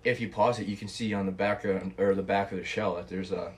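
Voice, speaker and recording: A man's voice: low-pitched, fairly even intonation, fast talker, slight background noise. A young man hosting a casual podcast chat, laid-back, swearing freely and laughing often. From Canada. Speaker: podcast host.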